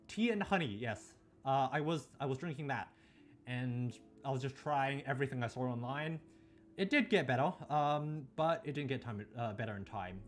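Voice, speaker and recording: Rambling young man streaming, swearing freely. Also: medium pitch. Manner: rambling, swearing, stammering restarts. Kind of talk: casual chat stream.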